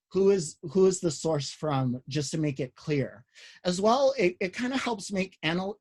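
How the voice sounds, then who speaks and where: A man teaching a college writing class online, explaining citation rules in a casual, halting way with many fillers and restarts. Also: a little high, darkish tone.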